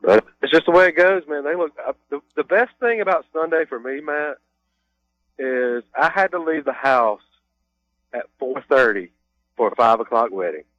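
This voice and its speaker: A man's voice: fairly high pitch, animated, moderate pace, a bit bright, dull audio. A man co-hosting a sports radio show, easygoing and chuckling as he chats. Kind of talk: casual sports radio chat. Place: radio studio.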